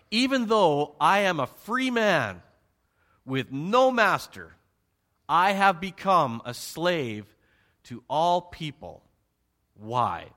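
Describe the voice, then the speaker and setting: A man preaching a sermon with animated emphasis, rhetorical questions and joking asides. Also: fairly high pitch. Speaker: pastor.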